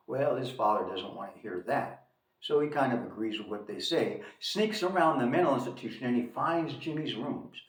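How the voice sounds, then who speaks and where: Lively man reviewing films, echoey room. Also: mid-range voice, normal speed. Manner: lively, emphatic storytelling. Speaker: film reviewer host. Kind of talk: casual film review. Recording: echoey room, distant mic.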